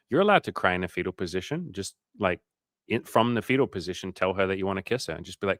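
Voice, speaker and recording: Young male dating coach, lower register, relaxed and profane, encouraging tone, dry close mic. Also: fast talker, no echo. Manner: casual, swearing, joking, reassuring. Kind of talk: casual livestream chat reading viewer comments.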